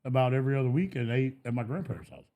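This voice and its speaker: A man's voice: medium pitch, very animated, rapid-fire, mellow, highs cut off. A man, a podcast guest, telling laid-back stories in casual chat and laughing often. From Texas.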